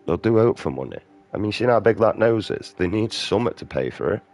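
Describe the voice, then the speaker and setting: Low-voiced British man ranting. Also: lively intonation, fast talker, darkish tone. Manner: ranting, profane, swaggering. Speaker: gaming streamer. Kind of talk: casual commentary over gameplay.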